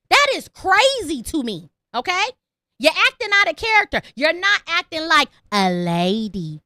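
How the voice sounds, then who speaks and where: Woman podcast host, very high and bright, swooping pitch; blunt, profane rant. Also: very animated, moderate pace, no room sound, clean studio sound. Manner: repeats lines for emphasis. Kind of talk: opinionated call-in podcast monologue.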